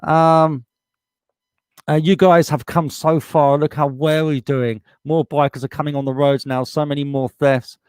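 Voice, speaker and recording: A man's voice: a little high, flat delivery, measured pace, a little mellow, clean tone, dry recording, studio quality. A man with a British accent hosting a live stream, reading out viewer comments in a casual, blunt way and swearing freely as he gets heated. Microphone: desktop USB microphone.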